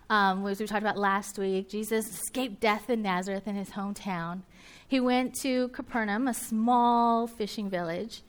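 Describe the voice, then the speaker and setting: A woman with a Southern US accent preaching a sermon in a conversational way, with joking asides and voiced reactions from her listeners. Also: mid-range voice.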